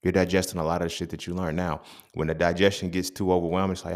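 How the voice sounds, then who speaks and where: Low-voiced man riffing profanely. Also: fast talker. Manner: animated, profane, streetwise slang. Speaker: podcast host. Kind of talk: casual monologue.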